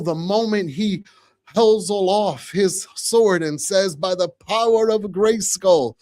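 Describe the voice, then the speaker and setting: A man in his forties hosting a podcast live, chatting casually with viewers, reading comments and repeating phrases excitedly. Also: high-pitched, dry recording. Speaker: podcast host.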